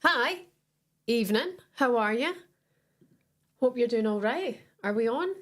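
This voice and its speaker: A woman's voice: on the high side, expressive, unhurried, fairly bright tone. A woman with young kids hosting a casual match watch-along and bantering with her co-host. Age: adult with young kids. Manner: chatty, jokey banter. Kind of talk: casual chat.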